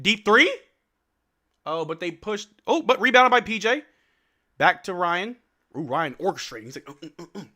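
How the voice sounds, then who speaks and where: A young man calling a basketball game for his stream viewers as a fan, quick to shout and laugh at big plays. His voice is bright and forceful, and it leaps around in pitch. It sits a little above the usual register for a man. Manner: excitable, shouts and laughs at big plays, trash-talks players. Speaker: live stream watch-along host. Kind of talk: fan play-by-play commentary.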